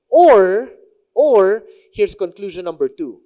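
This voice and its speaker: Man, Filipino accent, sermon, high voice, lively swooping delivery. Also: a little slow. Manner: animated, conversational, mixes in local phrases. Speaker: pastor.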